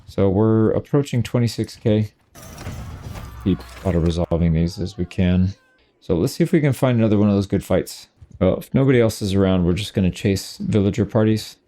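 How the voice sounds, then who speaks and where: A man's voice: on the low side, normal speed, mellow. A man giving casual, chatty commentary while playing a strategy game, reacting to the action as it happens. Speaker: gaming channel host.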